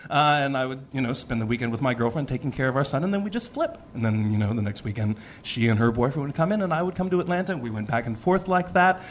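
Man, storyteller, lively swinging pitch, live reading, faint room noise behind. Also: fast talker, hardly any pauses. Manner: animated, acts out quoted voices. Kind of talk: personal storytelling.

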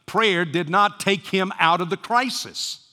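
Fervent preacher in a reverberant hall. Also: male voice, high voice, unhurried. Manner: rising to fervent emphasis, dropping to hushed near-whisper. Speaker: pastor. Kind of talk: sermon.

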